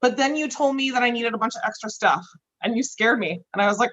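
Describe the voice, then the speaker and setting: A woman's voice: a little high, fast, a bit bright. Casual woman podcast guest, chatty, laughs often, swears freely, dull lo-fi audio. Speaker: guest grower.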